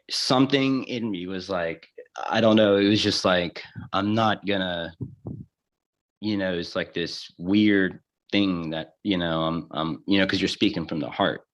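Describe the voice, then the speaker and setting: A man as an interview guest, telling a personal story in a halting way, with restarts and acted-out dialogue. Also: deep voice. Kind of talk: casual storytelling. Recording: dull lo-fi audio.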